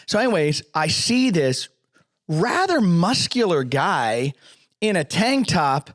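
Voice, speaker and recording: Man, podcast host, fairly high voice, lively storyteller, acts out quotes. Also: slow. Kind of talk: casual podcast chat.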